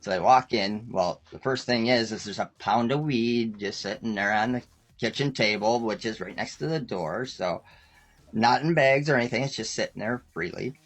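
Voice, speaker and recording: A man's voice: lowish voice, normal speed. A man guest on a talk show, telling rambling stories casually, often laughing and acting out quoted lines. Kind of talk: casual storytelling.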